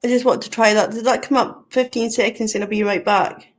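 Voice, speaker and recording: A middle-aged Scottish woman hosting a casual live stream, chatty and giggly, fumbling with the software as she talks to viewers. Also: on the high side, fairly even intonation, fairly quick. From Scotland.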